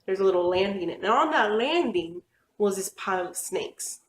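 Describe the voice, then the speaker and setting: A woman's voice: medium pitch, lively intonation, moderate pace. Chatty young woman in an echoey room. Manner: rambling, chatty, with frequent fillers and laughs. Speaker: vlogger telling personal stories. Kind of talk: casual storytelling.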